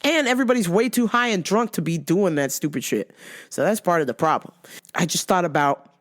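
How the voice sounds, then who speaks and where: A woman hosting a casual chat show, spinning stories with frequent swearing and bursts of laughter. Her pitch jumps all over the place as she gets into each tale. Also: animated, fairly quick. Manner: profane, laughs often, tells stories animatedly. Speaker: host.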